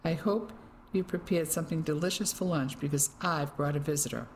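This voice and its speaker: A woman's voice: low voice, a little fast, slight background noise, lightly acted. A woman voicing a hearty, protective Englishman who pleads for his wife. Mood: pleading.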